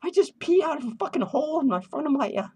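Tipsy and hyper in his home studio, a male clown rambles through crude, swearing rants with giddy, manic energy, his thoughts drifting around for a comedic character vlog. His voice is high and shrill, far above typical pitch, sing-song, fast, and dark in tone, breaking into cackles.

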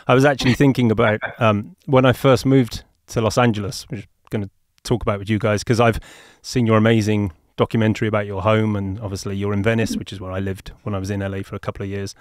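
A man's voice: fairly low pitch, flat delivery, fast talker, hardly any pauses, no echo, studio quality. A man with an English accent hosting a podcast interview, chatty and jokey, often laughing. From England. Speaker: podcast host.

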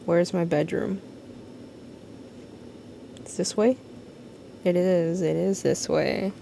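A woman's voice: lowish voice, fairly even intonation, slow pace, vocal fry, warm tone, slight background noise. An American woman rambling and swearing casually as she streams a game and answers her chat. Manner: rambling, chatty, swears freely, reads chat aloud. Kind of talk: casual live-stream commentary.

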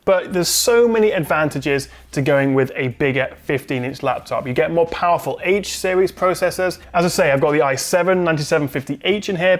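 A British man hosting a tech review, briskly explaining laptop specs in scripted narration. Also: fairly high pitch. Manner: brisk, spec-heavy explaining.

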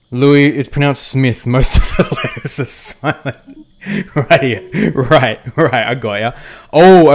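Chatty man streaming a game. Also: fairly low pitch. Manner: chatty, greets chat viewers by name; laughs lightly mid-sentence. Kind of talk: live game stream commentary.

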